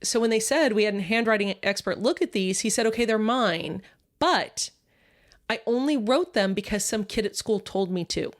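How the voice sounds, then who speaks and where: Joking woman co-hosting a crime podcast. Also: medium pitch. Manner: joking asides and quick agreement. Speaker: podcast co-host. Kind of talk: casual true-crime chat.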